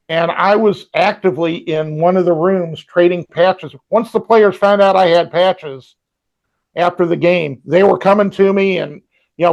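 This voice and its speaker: High gravelly-voiced man telling stories. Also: darkish tone, highs cut off. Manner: rambling anecdotes with many ums and restarts. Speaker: podcast co-host. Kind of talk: casual storytelling. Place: home with a robot vacuum running.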